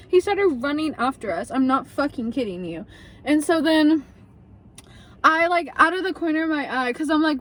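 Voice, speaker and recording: A young adult woman casually telling a story to camera, animated, swearing freely and acting out what people said. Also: sits high, normal speed. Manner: animated, swearing, acts out quotes.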